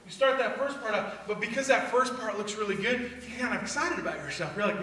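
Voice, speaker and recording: Middle-aged male preacher, lively storyteller, high bright voice, distant roomy church-hall recording. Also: fairly quick, hardly any pauses. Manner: lively storyteller acting out family dialogue. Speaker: speaker at a church youth gathering. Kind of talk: storytelling sermon. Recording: echoey hall from far off, faint noise.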